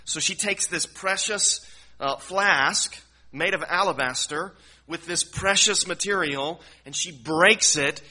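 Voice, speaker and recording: A man's voice: high voice, takes it slowly, sharp tone. A man teaching through a Bible passage verse by verse, earnest and explanatory, often repeating words as he works through a thought. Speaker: preacher.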